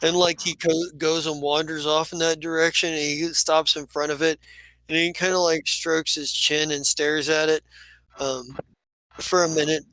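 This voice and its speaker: A man's voice: a little high, level tone, moderate pace, pushed and bright, no echo, poor audio. A man narrating as game master in a tabletop game, rambling and often correcting himself mid-sentence.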